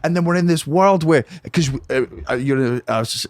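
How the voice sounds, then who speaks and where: A young Scottish man, a comedian guesting on a podcast, ranting fast and profanely in casual chat. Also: on the high side, dry recording.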